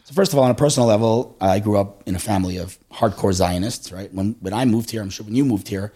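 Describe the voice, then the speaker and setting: A middle-aged man telling stories in a casual conversation, animated and acting out voices, often checking in with "right?". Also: fairly low pitch, quick pace, slightly rough.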